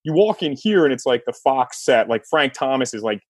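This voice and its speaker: A man hosting a podcast, telling a sports story in a lively casual way and laughing as he talks. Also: mid-range voice, brisk, no room sound. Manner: animated storyteller, laughs mid-sentence. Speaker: podcast host.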